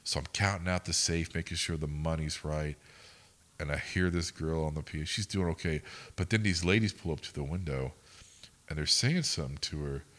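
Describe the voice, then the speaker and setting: A man's voice: a bass voice, fairly quick, a bit bright. A young man co-hosting a podcast, telling rambling, profane stories in casual chat. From United States. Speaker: podcast co-host.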